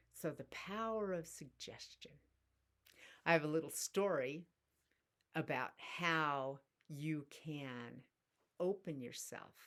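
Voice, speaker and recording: A middle-aged woman telling a personal story in a soft-spoken, reflective spiritual talk. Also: low voice. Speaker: spiritual teacher.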